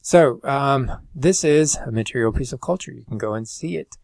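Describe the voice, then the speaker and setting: Man, college lecture, conversational, gravelly voice, dry close sound. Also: medium pitch, moderate pace, a little mellow, no echo. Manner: conversational, thinking aloud with fillers and rhetorical questions. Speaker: college instructor. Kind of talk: recorded lecture over slides.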